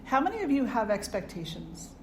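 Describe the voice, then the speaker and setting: A woman's voice: fairly high pitch, big pitch swings, fairly quick, a little hiss or hum. A woman, a spiritual teacher, giving a reflective, conversational satsang talk and asking her audience questions. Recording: roomy hall with faint ambience.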